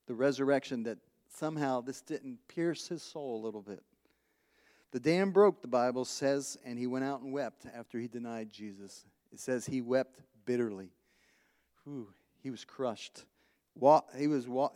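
A man's voice: mid-range voice, warm tone. A man preaching a conversational sermon, chuckling often, repeating words as he thinks, and asking the congregation questions. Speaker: pastor. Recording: long hall reverb.

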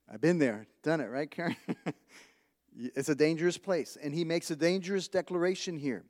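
A man's voice: a little high, unhurried, long pauses, darkish tone. A man preaching a conversational sermon, chuckling often, repeating words as he thinks, and asking the congregation questions. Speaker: pastor. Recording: long hall reverb.

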